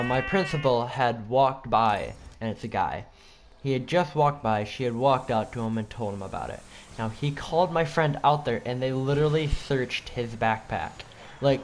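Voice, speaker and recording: Teenage boy rambling through a joking story. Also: medium pitch. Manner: rambling, joking, with frequent self-corrections. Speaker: student vlogger. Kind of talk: casual storytelling.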